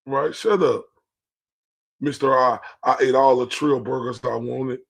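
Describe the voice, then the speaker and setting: A man's voice: medium pitch, little pitch movement, normal speed, vocal fry, fairly bright tone. A man from Texas, livestreaming a profane, confrontational reaction rant. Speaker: streamer reacting to clips.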